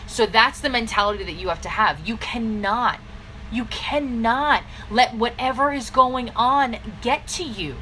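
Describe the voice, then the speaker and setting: A woman business coach giving a blunt, scolding pep talk straight to camera, with sudden swings in pitch. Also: unhurried, bright, forceful tone, a little hiss or hum, low-quality recording. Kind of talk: direct-to-camera motivational vlog.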